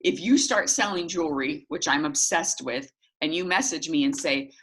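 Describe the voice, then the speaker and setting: Woman, middle-aged, low voice, lively sales coach who acts out dialogues. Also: moderate pace, hardly any pauses. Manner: animated, acts out little dialogues with jumps in pitch. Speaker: sales team leader. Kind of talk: coaching talk to a sales team.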